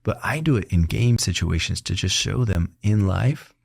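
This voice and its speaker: A middle-aged man with a deep, gravelly voice and a touch of husky rasp hosts a relaxed interview. He tells stories warmly and animatedly, laughing and putting on voices for the people he quotes. The sound is close and dry. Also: normal speed, dry recording. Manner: animated storyteller who laughs often and acts out quotes. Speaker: doctor and podcast host. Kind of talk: casual conversational interview.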